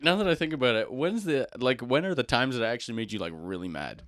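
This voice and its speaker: A young man in his twenties co-hosting a podcast, relaxed and matter-of-fact as he explains things. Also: mid-range voice, fast, dry recording, clean studio sound. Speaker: podcast co-host. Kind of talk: casual chat.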